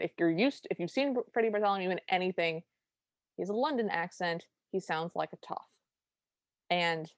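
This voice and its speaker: A woman's voice: medium pitch, a little mellow, no room sound. Wry, dry-sounding woman podcast host. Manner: wry, exasperated storytelling. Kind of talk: casual chat recapping a film.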